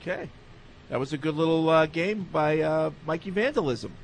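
A man hosting a sports radio show, reading out contact details and taking calls, quick to mock. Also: on the high side, slight background noise. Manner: mocking, quick to jab. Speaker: radio host. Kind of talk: casual sports talk radio banter.

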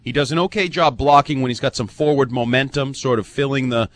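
A man's voice: mid-range voice, a little fast, slight background noise. A man hosting sports talk radio, explaining players and roles in a matter-of-fact, informed way.

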